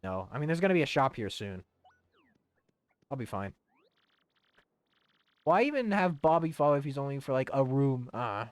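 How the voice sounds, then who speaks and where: A man's voice: mid-range voice, big pitch swings, normal speed, long pauses, no echo. A man streaming a video game, giving loose, rambling commentary with some swearing.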